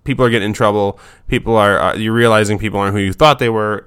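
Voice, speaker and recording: A man's voice: fairly low pitch, fairly even intonation, fast talker, a bit bright, clean tone. A man giving casual advice about naming dogs, rambling and breaking off his own sentences. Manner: rambling, self-interrupting, loose and informal.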